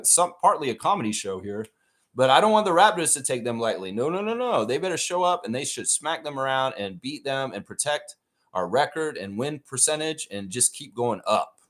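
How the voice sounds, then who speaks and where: A man hosting a live stream, chatting casually and ranting with plenty of swearing. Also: mid-range voice. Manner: profane, animated rant reading chat.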